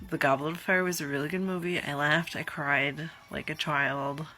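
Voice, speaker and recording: A young woman in her twenties talks through a casual reaction vlog with a low, unhurried voice. She is chatty and dramatic, with giggly asides, and sounds worn out and tired. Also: fairly even intonation, sharp tone, soft background music. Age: 20s. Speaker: vlogger.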